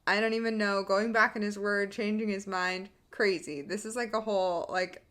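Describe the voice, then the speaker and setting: A young woman co-hosts a podcast in casual chat, her mid-range voice a bit bright with fairly even intonation. She tells stories quickly, laughs often, and quotes other people's dialogue as she recounts events.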